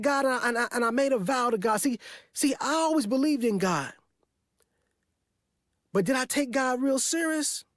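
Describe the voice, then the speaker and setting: A man's voice: very high-pitched, dry recording, clean studio sound. Earnest man retelling a hard story. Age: 40s. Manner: earnest, repetitive, emphatic retelling. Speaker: motivational speaker. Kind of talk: personal testimony storytelling.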